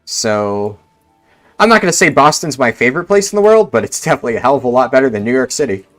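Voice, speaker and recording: A man's voice: medium pitch, sing-song, quick pace, faint music behind. Laid-back young man streaming a game. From Central New Jersey. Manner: rambling and laid-back, many "like" fillers. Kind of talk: casual chat answering live chat.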